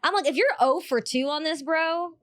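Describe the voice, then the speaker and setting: A woman's voice: sits high, normal speed, no echo. A woman co-hosting a podcast, chatting casually and telling stories with strong opinions. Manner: animated, opinionated storyteller. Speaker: podcast co-host. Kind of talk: casual chat.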